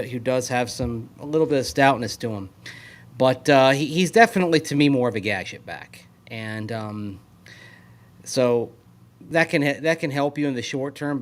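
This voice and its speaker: A man co-hosting a sports radio show, talking through football analysis in a skeptical, analytical way. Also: medium pitch. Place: at a league meeting venue.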